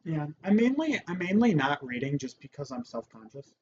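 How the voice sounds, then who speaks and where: A woman's voice: sits low, sing-song, moderate pace, darkish tone, a little hiss or hum. A woman hosting a let's-play, chatting and explaining the game in a giggly, casual way. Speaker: channel host. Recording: slightly muffled home recording.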